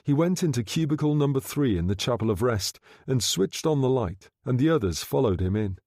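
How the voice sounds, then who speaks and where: A medium-pitched male narrator delivers an audiobook in a steady, measured reading. The sound is clean studio quality, with no echo.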